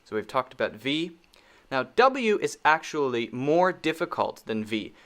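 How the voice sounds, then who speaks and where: Male pronunciation teacher, slow and deliberate, mid-pitched, patient, repeats every word. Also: sing-song, a bit bright. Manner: patient, repeats words many times for learners.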